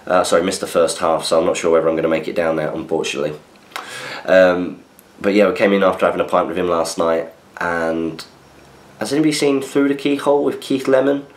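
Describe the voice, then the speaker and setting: A man hosting a podcast, chatting casually as he reads out listener messages and answers them with asides. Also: low voice. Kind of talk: casual chat. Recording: roomy echo.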